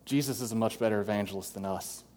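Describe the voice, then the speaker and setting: A man's voice: fairly low pitch, fast talker, darkish tone. Man preaching in a reverberant hall. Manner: earnest preaching, acts out quoted voices. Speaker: pastor. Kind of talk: sermon.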